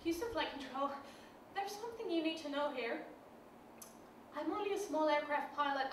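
Lady doing a panicky stammering pilot, high bright voice, super echoey far-off mic. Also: a little hiss or hum. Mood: nervous. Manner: flustered, stammering. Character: panicked young woman mail-plane pilot. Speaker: auditioning actor. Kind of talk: audition scene reading. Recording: echoey room, distant mic.

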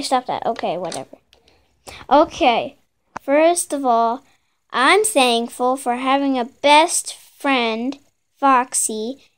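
A woman improvising a playful, bickering skit, voicing a group of plush toys herself. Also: a little high. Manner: playful, bickering, childlike banter.

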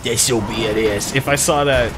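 A man giving casual, profane, excitable commentary while playing a video game. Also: mid-range voice, moderate pace, music in the background. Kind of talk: casual let's-play commentary. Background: game soundtrack and sound effects.

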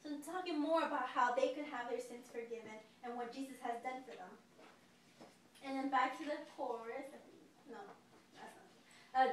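A woman's voice: high-pitched, moderate pace. A woman teacher introducing and explaining a song to children. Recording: very echoey room from far off, faint noise.

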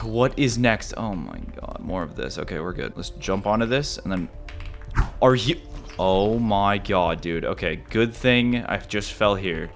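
A young man commentating his own platformer run, excitable, repeating himself and yelping and gasping at near misses. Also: fairly low pitch, normal speed, soft background music. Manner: excitable, repeats phrases, yelps and gasps. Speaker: gaming YouTuber. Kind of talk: let's-play commentary.

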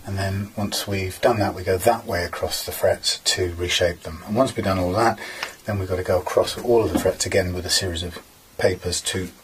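Man, deep-ish voice, casual step-by-step repair talk, background noise, clicking tools. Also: fairly even intonation, fairly quick, hardly any pauses, low-quality recording. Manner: rambling, explains step by step with fillers. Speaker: guitar repairer. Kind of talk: casual workshop tutorial.

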